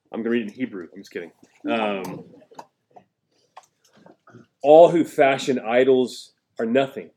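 This pastor has a lowish, darkish voice and preaches a conversational sermon, reading scripture aloud with emphasis. He asks his listeners questions, jokes, and laughs along the way.

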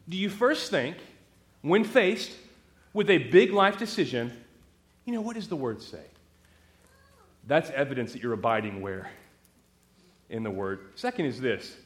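Lively, animated male preacher. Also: on the high side. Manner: asks the audience rhetorical questions; animated, talks straight to the crowd. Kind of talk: sermon.

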